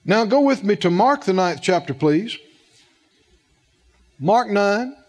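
A man's voice: high-pitched, darkish tone. A man preaching a sermon, asking the congregation questions and repeating words for emphasis.

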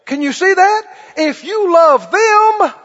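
A man preaching a sermon in an animated way, drawing call-and-response from his congregation. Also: extremely high pitch, takes it slowly. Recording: dull audio with long hall reverb.

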